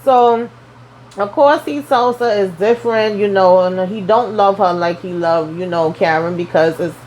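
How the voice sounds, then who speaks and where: A woman's voice: medium pitch, unhurried, a little mellow, rough recording. A young woman talks through a TV episode in a loose, sassy vlog style, tossing in slang asides as she goes. Her voice sits in a middling range. There is a faint hum of noise behind her. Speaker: TV show recap host. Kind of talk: casual recap vlog.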